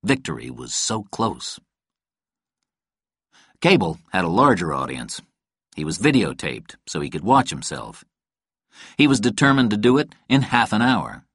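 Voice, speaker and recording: A man reading a novel aloud in a calm, even storytelling manner. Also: lowish voice, a little slow, pauses often, slightly rough, no room sound, clean studio sound. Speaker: audiobook narrator. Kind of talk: scripted narration.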